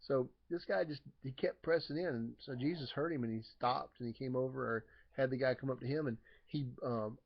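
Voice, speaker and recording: A man's voice: mid-range voice, fairly quick, creaky, few pauses. A man in a mid-range voice talks through a Bible story like a chat with friends, rambling and restarting often. The recording is a little dull and lo-fi. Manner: rambling, many fillers and restarts, acts out voices loudly. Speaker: lay preacher sharing a Bible story. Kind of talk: casual informal sermon.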